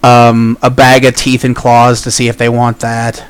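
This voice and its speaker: A man playing in a tabletop game, talking in a low-key, laid-back way. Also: monotone, unhurried, clear, resonant tone, no echo. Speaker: player. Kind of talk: casual tabletop game play.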